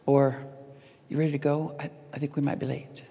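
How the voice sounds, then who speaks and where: A woman's voice: deep voice, a little fast, slightly rough. Middle-aged woman speaking in a reverberant hall. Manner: lively storyteller, acts out quoted lines with laughs. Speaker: speaker on parenting and relationships. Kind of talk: speaking to an audience.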